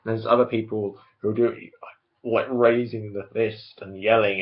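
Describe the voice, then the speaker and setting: A man's voice: lowish voice, steady tone, normal speed. A young man ranting casually to camera about a film franchise, rambling and stopping to restart his sentences. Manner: rambling, self-interrupting, opinionated. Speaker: video blogger. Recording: dull lo-fi recording.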